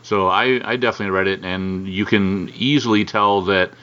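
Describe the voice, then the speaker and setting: Chatty male interviewer with a bright voice. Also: deep voice, fairly even intonation, moderate pace, highs cut off. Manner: chatty, encouraging, frequent backchannel. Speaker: interviewer, host. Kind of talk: casual interview.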